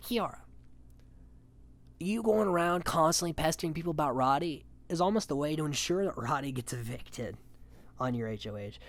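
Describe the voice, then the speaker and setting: Casual recap podcaster: mid-pitched, chatty, rambling, opinionated, filler-heavy. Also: dry recording. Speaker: podcast host. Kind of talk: casual reality-show recap commentary.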